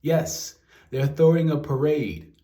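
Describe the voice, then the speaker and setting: A man's voice: on the high side, lively intonation, slow pace, mellow. Young New guy, exasperated profane rant, roomy echoey room. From New York. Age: young adult. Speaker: commentary vlogger. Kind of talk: ranting commentary. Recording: roomy echo.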